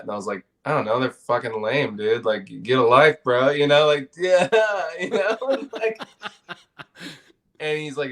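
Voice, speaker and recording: A man's voice: medium pitch, lively intonation, moderate pace, a bit bright. A man in casual podcast conversation, telling stories in a laid-back, profane way with frequent laughs.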